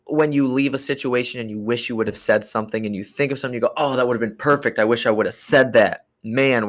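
Male podcast host, lowish voice, loose jokey delivery with laughs mid-sentence. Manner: jokey, rambling, laughs while talking. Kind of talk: casual monologue. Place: gym.

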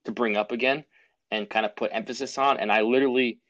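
A man's voice: medium pitch, fairly even intonation, fast, fairly bright tone, highs cut off. A man hosting a casual chat, reacting with short agreement and casual swearing.

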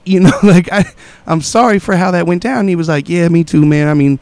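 A man's voice: on the high side, brisk, few pauses, a little mellow, dry recording. A young man telling a wild story in casual chat, laughing often and acting out voices and sounds.

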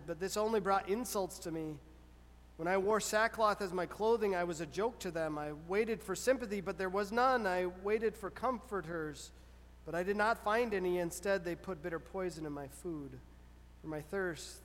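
A man with a high-pitched voice delivers a sermon, earnest and measured, and keeps turning to rhetorical questions. His voice rings out with a long reverb, as if he is speaking in a big hall. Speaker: pastor.

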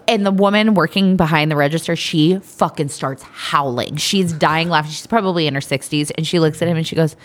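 Woman co-host, thirties, lowish voice, crude and lively storyteller. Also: a little fast, few pauses. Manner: animated, profane storyteller. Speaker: podcast co-host. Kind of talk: casual crude chat.

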